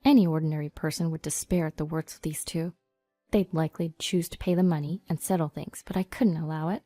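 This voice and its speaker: A woman narrating a first-person story in an even, storytelling read. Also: on the low side, a little fast, no echo. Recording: dry studio voice-over over soft music.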